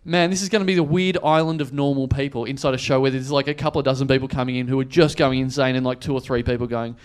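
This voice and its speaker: A man's voice: mid-range voice, steady tone, fast talker, clear, resonant tone. A man telling a long story as a comedian guest on a live podcast, acting out other people's lines and laughing often. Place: live venue before an audience.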